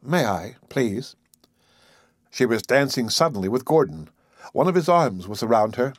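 A man narrating a story in an expressive, scripted reading. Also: medium pitch, brisk, no echo, clean studio sound.

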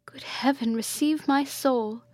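A gentle young princess pleads as she lies dying, voiced by a woman reading a gothic storybook. The voice stays close and dry, raised a little in pitch. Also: a little slow, no echo. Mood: pleading.

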